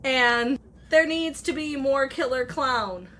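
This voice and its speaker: A woman with a high voice speaks slowly through a casual, rambling movie review. She retells the plot in a chatty, animated way, swearing freely and acting out the characters' lines.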